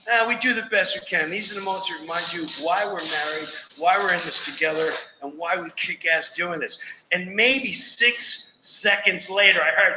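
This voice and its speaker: A man telling comedic family stories, animated and bursting into shouts. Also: high voice, moderate pace, slight background noise. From Texas. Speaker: storyteller. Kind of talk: comedic storytelling. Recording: roomy echo.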